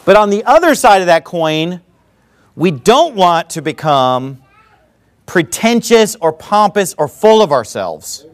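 Here a male pastor preaches at a measured pace, his high, spirited voice bouncing between pitches. He animatedly mixes biblical passages with teasing jabs and bursts of laughter.

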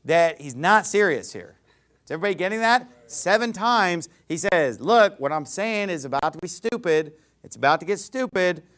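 Male pastor, high voice, verse-by-verse sermon, emphatic scripture reading, loud and soft swings. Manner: animated, swings between loud emphasis and quiet asides; reads scripture aloud in a rising, emphatic cadence.

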